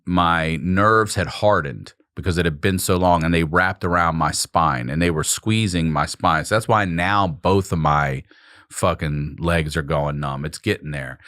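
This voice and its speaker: A middle-aged man telling a wild story in casual chat, profane and animated, acting out the voices of the people in it. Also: low voice, measured pace, dry recording, clean studio sound. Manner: animated, profane, acts out voices in his stories. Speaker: comedian telling a story on his podcast.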